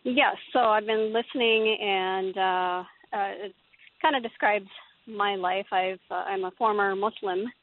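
A woman's voice: mid-range voice, steady tone, unhurried. Hesitant woman caller on a phone line. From Pakistan. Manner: hesitant, many ums and uhs.

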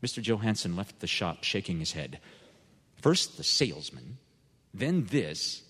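A man telling a humorous tale in a deadpan storytelling manner. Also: low voice, measured pace, slightly rough, big-room sound.

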